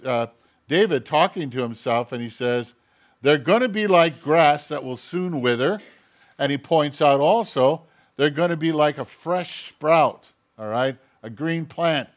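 Man, pastor, sermon, fairly high-pitched voice, quiet asides, emphatic rises. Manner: preaching with sudden quiet asides and rising emphasis.

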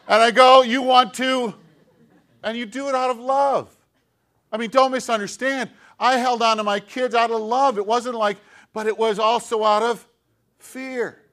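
A middle-aged man delivers a sermon in a casual, conversational manner. His voice sits fairly high for a man. He pokes fun at himself and peppers the talk with rhetorical questions. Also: a bit bright. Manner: conversational, self-deprecating preaching with rhetorical questions. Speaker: pastor.

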